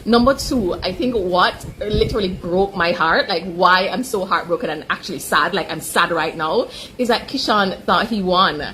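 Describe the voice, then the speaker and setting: A woman from Jamaica giving an emotional, chatty sports reaction full of "like" and quick laughs. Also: fairly low pitch, bright, forceful tone, a little hiss or hum. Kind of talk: casual chat.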